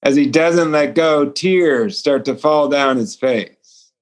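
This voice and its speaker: A man's voice: fairly high pitch, slow. A male author and speaker telling a personal story as a guest over a remote call, earnest and acting out the dialogue. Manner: earnest, acts out quoted dialogue. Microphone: remote call connection.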